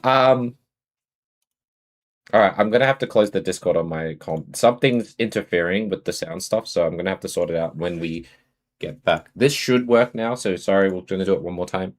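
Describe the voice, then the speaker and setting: A man's voice: sits low, moderate pace. A man with an Australian accent chatting casually on a live stream, greeting and answering his viewers.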